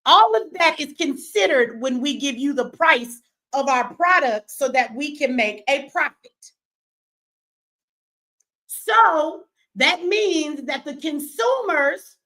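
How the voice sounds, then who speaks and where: A woman with a voice that sits high runs a live stream, answering her chat as a business owner. She's confrontational and profane, swinging between yelling at viewers and slow, emphatic explaining.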